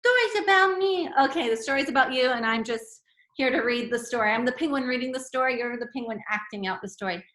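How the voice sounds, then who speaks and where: A woman teacher reading a fable to children and chatting gently in between, calling them friends. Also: a little high, fairly even intonation, fast talker. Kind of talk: storytime reading and chat. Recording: echoey room.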